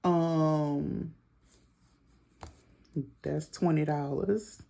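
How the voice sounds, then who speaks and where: Speaking very slowly in a low, gravelly, warm voice with fairly even intonation, a middle-aged woman goes over her monthly bills for a casual budgeting vlog. She's out of breath and chats to viewers as "girl" and "y'all" while she adds things up.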